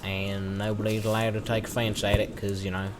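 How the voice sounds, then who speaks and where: A man's voice: on the low side, level tone, fairly quick, heavy background noise. A man from the American South giving rambling, chatty let's-play commentary with self-mocking asides, talking into a desk microphone. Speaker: gaming commentator.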